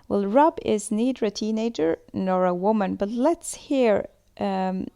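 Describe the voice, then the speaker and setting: A woman giving a scripted lesson, explaining points in a measured way as she reads from notes. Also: medium pitch, vocal fry, dark tone, smooth. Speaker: student presenter.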